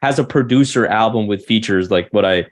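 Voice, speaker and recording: A man's voice: fairly low pitch, fairly quick. A man chatting as a podcast guest, hesitant with lots of fillers and the odd curse. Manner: hesitant, filler-heavy, swearing. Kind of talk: casual chat.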